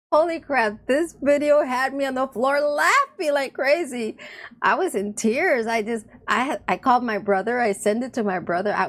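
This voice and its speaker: A woman YouTuber chatting casually about online friends, laughing often and rambling with restarts. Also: a little high. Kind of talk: casual rambling chat to camera.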